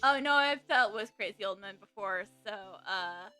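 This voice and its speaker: A woman's voice: mid-range voice, lively intonation, normal speed, bright, forceful tone, clean tone, soft background music. A young woman giving casual, chatty commentary while reading through a courtroom game. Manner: chatty, laughing asides. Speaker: let's play streamer.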